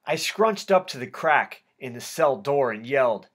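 Husky-voiced man reading an audiobook. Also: medium pitch, a little slow, few pauses. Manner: steady first-person storytelling. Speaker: audiobook narrator. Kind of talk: audiobook reading of a prison memoir.

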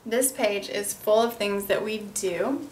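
A woman's voice: medium pitch, slow, a little mellow, slight background noise. Woman speech therapist demonstrating toddler reading. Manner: explains plainly, then breaks into sing-song, exaggerated toddler-directed sounds. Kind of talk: instructional demonstration.

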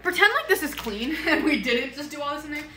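A woman's voice: sits high, animated, a little fast, echoey room, background noise. A young woman giving a giggly, rambling hotel room tour to a friend's camera. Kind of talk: casual vlog chat.

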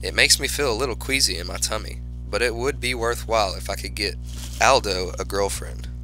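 Sharp-toned man narrating a storybook. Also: on the low side, a little fast, soft background music, low-quality recording. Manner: animated, lively exclamations. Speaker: audiobook narrator. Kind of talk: first-person storybook narration as a class pet hamster.

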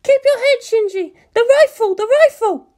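A man putting on a high, urgent woman commander. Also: moderate pace, darkish tone. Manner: urgent barked orders. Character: bossy adult woman commander on a radio link.

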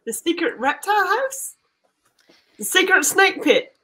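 A brash female detective with a put-on Australian accent drawls out wild guesses, as a woman acts her out in an improv scene. Her voice sits high and swoops about with lively energy. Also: unhurried, slight background noise, full character voice. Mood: quizzical. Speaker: improv performer.

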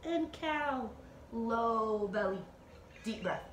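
A woman teacher guiding children through a slow, playful yoga flow with animal sounds, recorded at home. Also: on the high side, animated, reverberant, a little hiss or hum. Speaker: Montessori teacher leading kids' yoga. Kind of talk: gentle guided yoga instruction for children. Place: at home, dog nearby.

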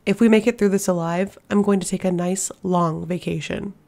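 A woman reads a bold young warrior queen, wry and soft, coaxing with dry humor. A gravelly texture sits in the voice. It is an audiobook reading of a fantasy story. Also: on the low side, steady tone, moderate pace, lightly acted.

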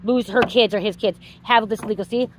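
A woman's voice: medium pitch, fairly quick, slight background noise, poor audio. Heated, emphatic woman doing a psychic reading. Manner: emphatic, repetitive, swears freely; gets worked up and heated. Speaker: psychic card reader. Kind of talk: direct-to-viewer psychic reading.

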